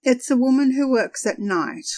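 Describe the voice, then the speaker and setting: A woman's voice: sits high, animated, normal speed, darkish tone, pitched above the performer's own voice. Brief: woman playing a cranky, dignified mother in a told story, curt and exasperated.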